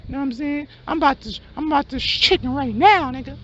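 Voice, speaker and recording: A man voicing a loud, scornful male street hustler in a comedy skit, brash and yelling. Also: very high-pitched, fast talker. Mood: scornful, angry. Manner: brash, yelling, swearing constantly. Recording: dull lo-fi, faint hum.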